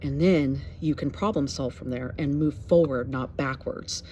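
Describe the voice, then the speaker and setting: A woman's voice: rumbling low, normal speed, mellow, a little hiss or hum. A middle-aged woman sharing a personal story in an earnest, reflective way, with many fillers, as a mental health advocate.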